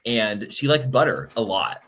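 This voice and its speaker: A man chats playfully, with jokes and quick rises and falls in his voice. His voice sits fairly low. He trades banter easily. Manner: playful, jokey, lively pitch swings. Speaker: podcast co-host. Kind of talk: casual chat about language building.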